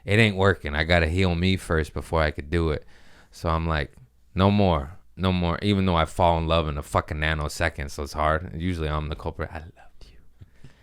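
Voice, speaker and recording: A man with a deep, smooth voice talks casually on his own podcast. He rambles loosely and crudely, mocking himself as he goes, and keeps it loose and unpolished. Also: fairly even intonation, brisk. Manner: rambling, crude, self-mocking and laughing often. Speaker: podcast host. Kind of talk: casual solo chat.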